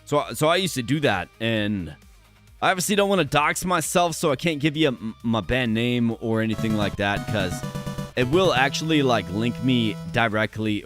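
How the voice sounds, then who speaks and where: A man with a hoarse voice, chatting energetically with viewers during a live stream. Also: fairly low pitch, expressive, normal speed, fairly bright tone, faint music behind.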